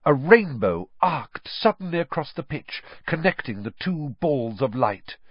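A man narrating an audiobook in a slow, expressive storytelling manner with a husky voice. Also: a little high, no echo. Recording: dry, slightly dull recording.

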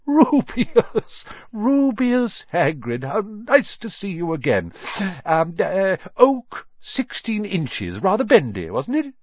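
A man voicing an eccentric, soft-spoken old male wandmaker who can turn stern and sharp, in a storybook reading. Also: medium pitch, wildly swooping pitch, a little slow, breathy edge, no room sound, dull audio, voice pushed up, exaggerated voice. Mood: delighted.

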